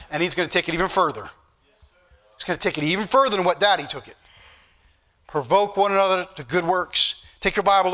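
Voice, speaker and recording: A man preaching, his voice high and bright as he exhorts his church. He repeats scripture references over and over and pushes his points in emphatic rising bursts. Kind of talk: sermon.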